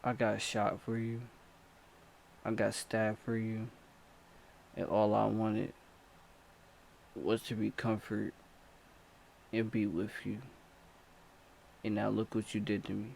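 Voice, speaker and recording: A man voicing an obsessed, clingy stalker who pleads in a low, hushed voice while telling a story. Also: monotone, takes it slowly, vocal fry, pauses often, slight background noise. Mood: pleading.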